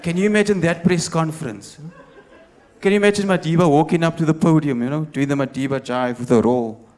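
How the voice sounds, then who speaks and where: A man's voice: on the high side, a little fast. A man with a South African accent doing a stand-up comedy set, telling stories and acting out the people in them. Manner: animated storytelling, acting out quoted characters.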